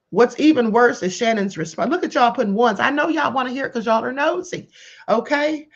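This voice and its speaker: A woman hosting a casual commentary livestream, talking to her chat in an animated way and calling viewers beloveds and honey. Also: on the high side, gravelly. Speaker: livestream host. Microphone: computer or headset mic on live stream. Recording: dull lo-fi stream audio.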